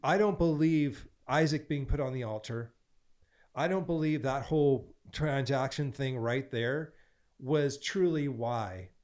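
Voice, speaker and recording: A man's voice: medium pitch, a little slow, a little mellow. Emphatic preachy man in conversation. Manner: emphatic, preachy, builds with repeated phrases. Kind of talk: animated podcast conversation.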